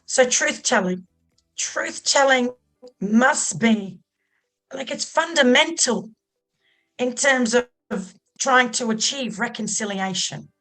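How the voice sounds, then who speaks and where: A woman's voice: on the high side, fairly bright tone, rough recording. A middle-aged Australian woman, a podcast guest speaking earnestly and with heartfelt emphasis. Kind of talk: podcast interview.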